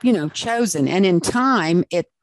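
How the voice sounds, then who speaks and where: A woman's voice: lowish voice, expressive, measured pace, no echo. Earnest Southern woman telling her story. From South Carolina. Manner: earnest and emphatic. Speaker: guest, author and speaker. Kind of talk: interview storytelling.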